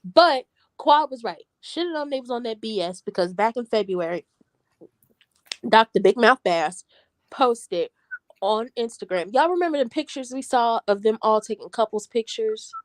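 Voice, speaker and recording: A woman hosting a casual reality TV recap, talking in an animated, sassy, slangy way. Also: fairly high pitch, moderate pace, no echo. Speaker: show recap host.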